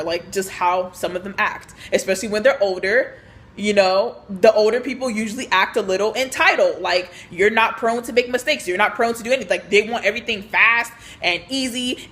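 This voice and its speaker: Young woman, casual storytime vlog, animated, filler-heavy. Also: medium pitch. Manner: chatty, animated, lots of fillers and quoted dialogue. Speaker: vlogger telling a work story.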